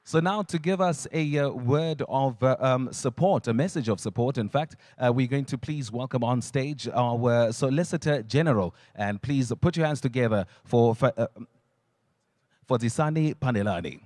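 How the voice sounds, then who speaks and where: A man's voice: mid-range voice, moderate pace, darkish tone, no room sound, studio quality. South African man hosting a live event. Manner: jokey, chatty, breaks into voices and ad reads. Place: stage at a launch event.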